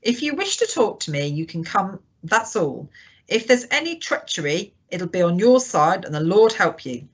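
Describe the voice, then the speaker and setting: A woman's voice: medium pitch, sing-song, moderate pace, breathy edge. A woman voicing a stern, curt male ship captain in an audiobook reading, giving clipped orders. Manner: clipped, commanding.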